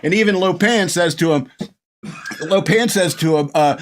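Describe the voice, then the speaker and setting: Hosting a podcast, a middle-aged man gives a casual, rambling movie review, gushing, acting out lines, and laughing often. His high voice is a bit bright, and he keeps a moderate pace with frequent pauses.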